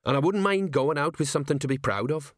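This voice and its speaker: A man's voice: on the high side, fast talker, no room sound, studio quality, pitched above the performer's own voice, natural voice. A man voicing an older watch sergeant, set in his ways, with a folksy, rambling, common way of talking. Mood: grumbling.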